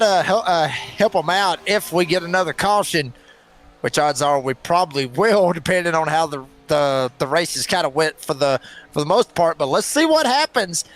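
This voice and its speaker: A man's voice: fairly high pitch, fairly bright tone. A man doing play-by-play commentary for a sim race, folksy and chatty with lots of fillers. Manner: folksy, chatty, quick bursts with many fillers.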